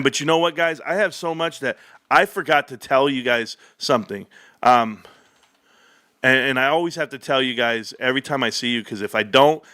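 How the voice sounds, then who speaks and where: A man hosting a stock market livestream, talking in an excitable, joking, rambling rant. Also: mid-range voice, no room sound, studio quality. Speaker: stock market stream host.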